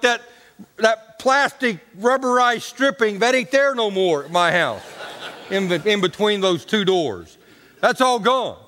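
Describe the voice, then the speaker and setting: A man's voice: very high-pitched, fairly bright tone, big-room sound. A man preaching a sermon in a homespun, colloquial way, telling stories and talking to the congregation. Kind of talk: folksy storytelling sermon.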